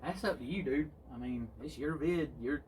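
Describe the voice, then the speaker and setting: A man's voice: a little high, normal speed, distant mic. A laid-back man with a South Carolina drawl talks in an easy, rambling way. He sits a little back from the mic outdoors, and faint background hum drifts around his voice. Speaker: guest. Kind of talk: casual chat. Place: front porch, outdoors.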